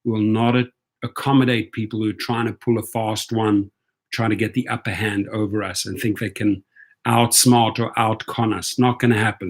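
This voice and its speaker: A man's voice: lowish voice, level tone, moderate pace. A man with a South African accent hosting a livestream, talking emphatically and reading out viewer comments, often ending points with "right?". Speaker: rideshare channel host.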